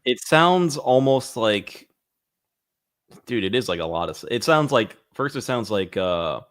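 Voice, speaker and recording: A man's voice: medium pitch, animated, a little slow, fairly bright tone. A man co-hosting a casual comedy podcast, laid-back and saying dude a lot. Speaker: podcast co-host.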